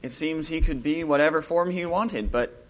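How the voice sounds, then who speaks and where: A man with a somewhat raised pitch gives an informal Bible talk. He muses aloud between points and grows animated when he retells the story's scenes. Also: moderate pace.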